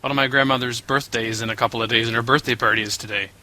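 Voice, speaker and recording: A man sits in as guest co-host on a casual podcast, chatty and quick to explain himself. His voice is very bright and forward, pitched in the middle range. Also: steady tone.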